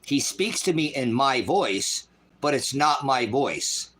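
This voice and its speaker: A middle-aged man preaching in an angry, profane livestream style, voice swinging loud. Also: mid-range voice, lively intonation, slow pace. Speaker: street preacher.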